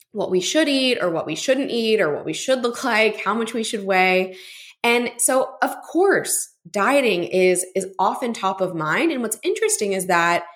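A woman from Texas, a registered dietitian, hosting her own podcast in a chatty, conversational way and often checking in with listeners. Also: mid-range voice. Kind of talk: casual solo podcast talk.

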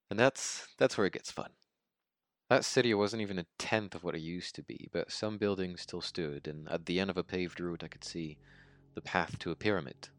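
A man's voice: low-pitched, dry recording. Elio, a man playing a haunted survivor. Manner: halting, stammering retelling. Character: haunted young man, shaken survivor recounting a massacre. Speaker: survivor recounting his story. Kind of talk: audio drama monologue.

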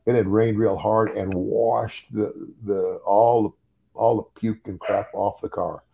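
A man's voice: lowish voice, fairly even intonation, slow, gravelly, warm tone, slightly rough. An older man and former wrestler telling a story in casual chat, chuckling often and repeating words as he goes.

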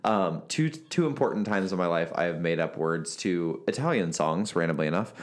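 A man's voice: deep voice, expressive, moderate pace. A man hosting a podcast in casual chat, reading out diary entries and asking teasing, playful questions. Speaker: podcast host.

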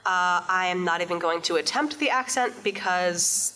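A woman's voice: lowish voice, moderate pace, bright, forceful tone, low-quality recording. A woman playing a live tabletop game on stage, amused and playful. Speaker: player.

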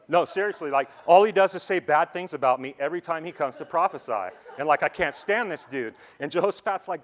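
A male pastor giving a sermon, retelling scripture in relaxed slangy speech and building to emphatic preaching. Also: medium pitch, normal speed.

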